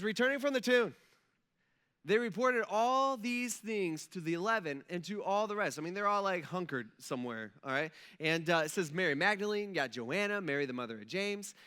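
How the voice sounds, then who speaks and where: Casual, high-voiced young pastor. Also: male voice, bright, forceful tone. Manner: casual, joking storyteller with lots of fillers. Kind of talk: conversational sermon.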